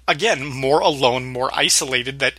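A man's voice: medium pitch, moderate pace, bright, forceful tone, slightly rough, dry recording. A man co-hosting a podcast, recapping a TV episode and laughing often. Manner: laughs often, acts out characters' lines. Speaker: podcast co-host. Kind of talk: casual TV rewatch discussion.

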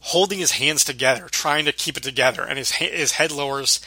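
Bright, rambling man on a podcast. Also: fairly high pitch, a little fast, slightly rough, dry recording. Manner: rambling, with many fillers and restarts. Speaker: podcast co-host. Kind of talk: casual podcast discussion.

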